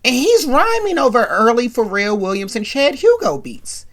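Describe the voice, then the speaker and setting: This podcast host, a woman with a voice on the high side, offers loose, animated recap commentary on an episode, packed with tangents and asides. She speaks at a moderate pace.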